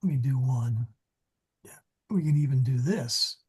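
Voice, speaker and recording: A man's voice: mid-range voice, measured pace, darkish tone. A man teaching a Latin grammar class, talking in a digressive way and often correcting himself. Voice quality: very husky. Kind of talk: classroom lesson. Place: church meeting room.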